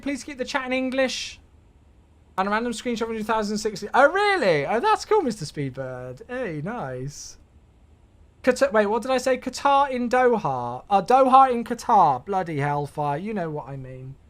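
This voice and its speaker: A man's voice: sits high, very animated, normal speed. A man streaming a flight simulator, chatting casually with viewers, thanking them and joking to himself.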